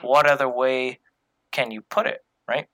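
A man in a relaxed conversation, his voice bright and a little forceful. He rambles, circling back with fillers and restarts. The recording is dry and close. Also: medium pitch, unhurried, dry recording, poor audio. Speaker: podcast co-host. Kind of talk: casual fan discussion.

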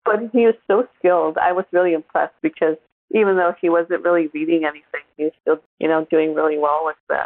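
A woman in her forties, a podcast co-host, chatting casually and telling animated stories. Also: low-pitched, fast, no room sound. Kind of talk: casual chat. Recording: tinny phone-like line.

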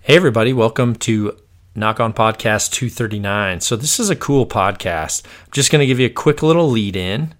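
A man's voice: lowish voice, a little fast. An American man hosting a podcast, chatting casually and laughing easily. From born on an army base in the US. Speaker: podcast host. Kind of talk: casual chat.

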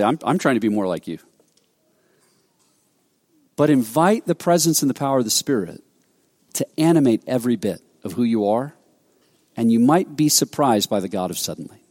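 A man's voice: mid-range voice, a little mellow, long reverb tail. A man preaching a sermon, telling a story animatedly and acting out quoted dialogue with frequent restarts. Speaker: pastor.

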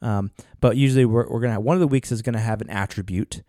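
A man's voice: medium pitch, mellow, no room sound. Earnest man in dry podcast chat. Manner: earnest, halting with fillers and restarts. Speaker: podcast co-host. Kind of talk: casual chat.

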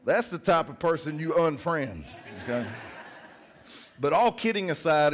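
A male pastor preaching a sermon in church, in a conversational, joking storytelling manner. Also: on the high side.

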